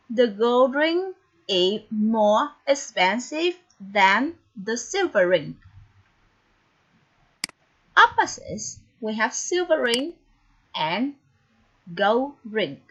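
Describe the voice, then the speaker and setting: Slow, high-voiced woman teacher. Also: fairly bright tone. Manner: slow, deliberate, encouraging. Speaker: English teacher. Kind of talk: online English lesson. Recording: dull, lo-fi recording with faint noise.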